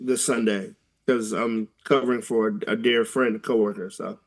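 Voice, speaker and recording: A man's voice: lowish voice, fairly even intonation, normal speed, vocal fry. A man co-hosting a casual podcast, laughing often and easygoing. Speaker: podcast co-host. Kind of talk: casual chat.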